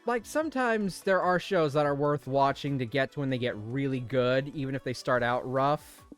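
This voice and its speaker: A man hosting a gameplay video, chatting casually and reading game text aloud, animated and often laughing. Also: mid-range voice, moderate pace, smooth, soft background music. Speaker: let's play host.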